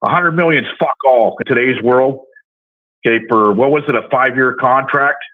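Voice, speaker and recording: A man's voice: mid-range voice, moderate pace. A male caller with a Southern US accent, ranting brashly and cursing constantly. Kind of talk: profane call-in rant. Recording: tinny phone line.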